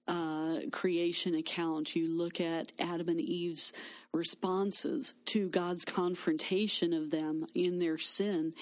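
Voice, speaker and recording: A woman's voice: lowish voice, a little mellow, no room sound. A woman co-hosting a faith talk show, speaking with emphatic conviction.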